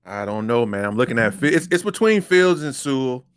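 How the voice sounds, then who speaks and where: Male guest, resonant smooth tone, easygoing jokes, video-call mic. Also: medium pitch, lively intonation, fairly quick. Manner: laid-back, joking. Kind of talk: casual chat.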